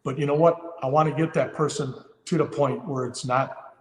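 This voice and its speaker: A man in his fifties tells a story in an earnest, heartfelt way, with plenty of fillers and restarts. His voice sits a little high for a man. The recording is roomy, with a long reverb tail. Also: steady tone, normal speed. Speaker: firefighter guest. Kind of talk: podcast interview storytelling.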